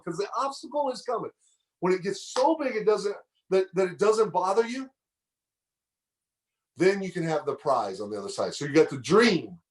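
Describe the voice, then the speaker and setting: A middle-aged man gives a motivational speech in a slightly high voice. He preaches and tells stories, hammering phrases home through repetition. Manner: preachy, storytelling, repeats phrases for emphasis. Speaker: motivational speaker.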